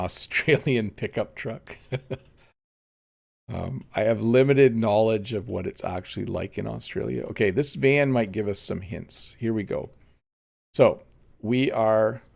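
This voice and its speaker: A man with a lowish, gravelly voice teaches English during a relaxed live stream. He thinks out loud and drifts between points. His talk is loose and unhurried, with plenty of ums. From Canada. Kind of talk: live-streamed casual lesson.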